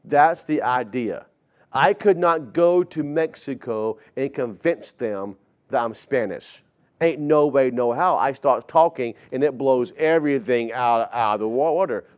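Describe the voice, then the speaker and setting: Unhurried and mid-range, this voice belongs to a man in his forties whose sermon unfolds like a casual story. He stammers and repeats words frequently, voicing quoted dialogue in changing characters.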